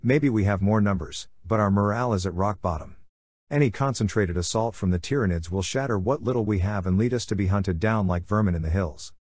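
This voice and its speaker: A man's voice: on the low side, fairly quick, darkish tone, no room sound, clean studio sound, natural voice. A man voicing a grim, pessimistic male army officer with a blunt, curt manner.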